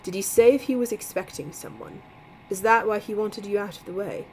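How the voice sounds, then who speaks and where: A woman voicing a measured, analytical man who reasons through a timeline. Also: medium pitch, a little mellow, faint music behind, close to an everyday voice, rough recording.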